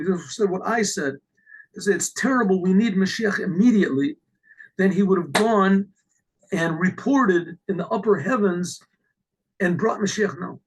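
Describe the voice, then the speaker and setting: A rabbi telling a story in an animated way, acting out the characters with exclamations. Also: male voice, high voice, breathy edge, rough recording. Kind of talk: storytelling talk.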